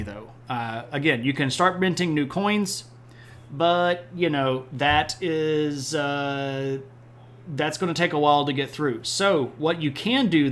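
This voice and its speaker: A man's voice: mid-range voice, a bit bright. A man with an everyday mid-range voice talks through history in a loose, conversational way. He rambles and makes friendly asides to his viewers between points. He grew up in the Southern United States. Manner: rambling, chatty, responds to chat with asides. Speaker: history streamer. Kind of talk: casual live-streamed history lecture.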